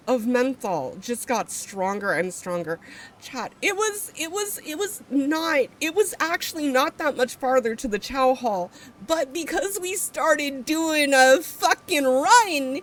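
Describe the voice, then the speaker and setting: A woman's voice: a little high, animated, unhurried. A woman streamer casually telling a story to her live chat, rambling with fillers, restarts and swearing.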